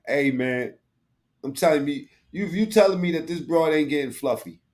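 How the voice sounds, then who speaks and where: Male stream host, slightly high voice, crude, mocking, slangy rambling reactions. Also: normal speed, a little mellow, a little hiss or hum. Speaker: live-stream commentator. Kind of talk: profane reaction commentary.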